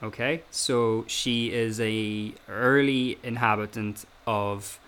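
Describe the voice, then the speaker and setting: A man's voice: lowish voice, fairly even intonation, takes it slowly, fairly bright tone, clean tone. Man talking with lots of ums. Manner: hesitant, lots of fillers and restarts. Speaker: podcast host. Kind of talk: casual analytical chat.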